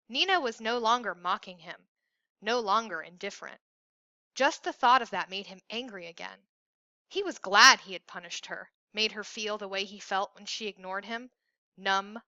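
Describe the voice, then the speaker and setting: A woman narrating a suspense story in a measured, even reading. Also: mid-range voice, no echo. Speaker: audiobook narrator. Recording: dull lo-fi recording.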